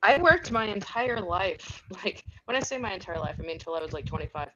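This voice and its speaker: A woman with a softened Southern accent talks frankly in a casual podcast chat, laughing easily. Her voice sits at an ordinary pitch. A clear hiss of noise runs under the online call audio. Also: expressive, fairly quick, muffled recording. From Southern United States. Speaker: podcast co-host.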